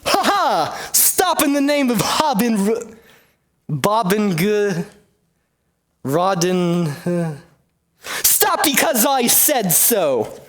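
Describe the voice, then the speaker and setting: A man's voice: sits high, very animated, extremely slow, long pauses, fairly bright tone, exaggerated voice. A man voicing a flustered woman herald who makes pompous, stumbling proclamations. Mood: proclaiming.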